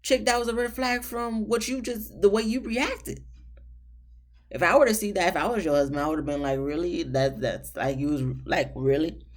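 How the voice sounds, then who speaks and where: A woman recapping a reality show episode in a casual, sassy, exasperated way, jumping up high for emphasis. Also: moderate pace.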